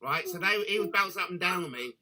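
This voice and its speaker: Bloke, sweary and crude, telling a story in a bright, cutting voice. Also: male voice, high-pitched, animated, quick pace. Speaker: guest storyteller. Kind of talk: casual chat.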